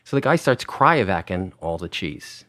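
Deep-voiced man rambling through old stories. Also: normal speed, no echo. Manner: rambling, animated anecdotes with many fillers and restarts. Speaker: wine director telling restaurant stories. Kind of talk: casual podcast storytelling.

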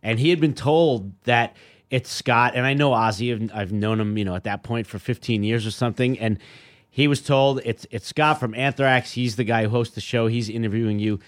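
A man's voice: medium pitch, moderate pace. A man, a guest musician, telling casual stories and acting out the dialogue in them. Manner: loose storyteller, acts out the dialogue in his stories.

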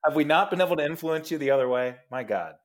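A man's voice: a little high, lively intonation. A man hosting a casual comedy podcast, laughing often and stumbling through his sentences. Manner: laughing, halting, self-interrupting. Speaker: podcast host.

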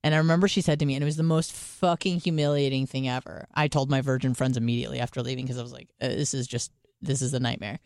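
A woman's voice: very deep voice, fast, dry recording, clean studio sound. A woman co-hosting a podcast, telling a story in casual comedic style, swearing freely and acting out both sides of the dialogue. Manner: animated, profane, acts out both sides of dialogue. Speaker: podcast co-host.

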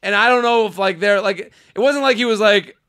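Bright high-voiced man in his thirties. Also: brisk, clean tone. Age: 30s. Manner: animated storyteller, many likes. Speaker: podcast host. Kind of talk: casual comedic chat.

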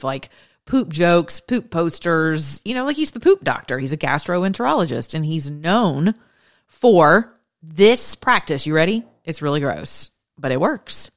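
A middle-aged American woman talking casually to her audience, telling an animated story full of quick asides and self-corrections. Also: deep voice. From United States. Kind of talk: casual monologue.

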